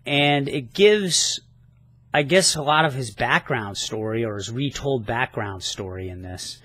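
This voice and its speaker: A man's voice: medium pitch, a little slow, fairly bright tone, dry recording. Casual rambling man reviewing comics. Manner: enthusiastic, rambling, casual swearing. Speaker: comic book vlogger.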